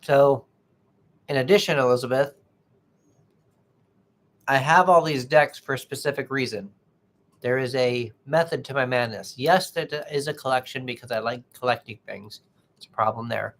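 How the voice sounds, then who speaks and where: A man's voice: medium pitch, fairly bright tone. Chatty male tarot livestream host. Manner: chatty, halting, greets viewers by name. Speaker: tarot reader hosting a livestream. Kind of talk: casual livestream chat with viewers.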